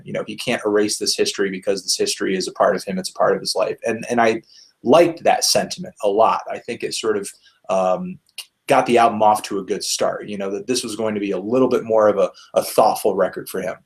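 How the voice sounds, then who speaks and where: A man's voice: fairly low pitch, fairly even intonation, brisk. A man hosting a casual album review discussion, thinking aloud with frequent fillers and restarts. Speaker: music reviewer, host.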